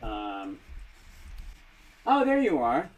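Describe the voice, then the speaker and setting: A woman's voice: lowish voice, animated, measured pace, soft background music, low-quality recording. Chatty woman hosting a video call. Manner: chatty, warm introductions with fillers. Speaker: host of an online open mic. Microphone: computer on a video call.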